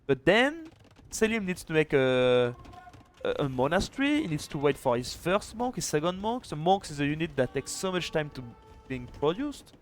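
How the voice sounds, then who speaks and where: A man casting a live strategy game match, chatty and excitable, with quick restarts. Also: a little high, soft background music. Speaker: esports caster and streamer. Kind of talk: live video game commentary.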